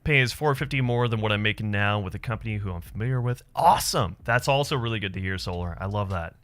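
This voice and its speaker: Low-leaning and a bit bright, this thirty-something man's voice carries a live stream where he chats easily with viewers. His storytelling is loose and profane, with plenty of laughs.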